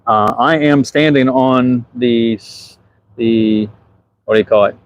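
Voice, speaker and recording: A man's voice: medium pitch, slow, muffled recording, slight background noise. A man with a Southern US accent giving a casual live stream from a ship deck as its superintendent, answering viewer comments as he films.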